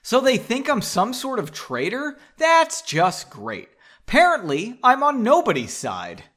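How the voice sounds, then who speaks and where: A man's voice: on the high side, big pitch swings, normal speed. A man voicing a frustrated, sulky young man. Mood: exasperated. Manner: exasperated.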